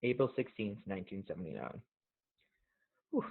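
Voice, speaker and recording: A man hosting a show, talking casually in an earnest, reflective way and reading poems aloud, gently emotional. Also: low voice, very animated, moderate pace, gravelly, slightly rough. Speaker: podcast host. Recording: tinny phone-like audio.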